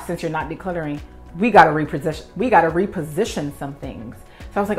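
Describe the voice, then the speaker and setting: Tidying up on camera, a young professional organizer narrates a lively vlog story and acts out her own past reactions. She speaks in a low voice at a quick pace, and faint music plays in the background.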